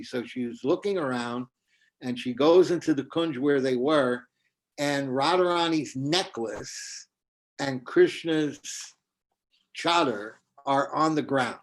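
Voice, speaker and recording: A man's voice: medium pitch, slow pace. A man, a spiritual teacher, telling a devotional story over a video call and acting out its characters. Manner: animated storytelling, acts out voices.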